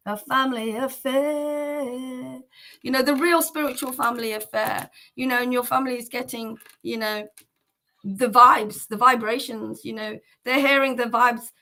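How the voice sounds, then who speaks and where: A woman's voice: a little high, bright, forceful tone, low-quality recording. A woman hosting a devotional chanting livestream, talking casually to her viewers in a rambling, fervent way, with many repeats of "you know".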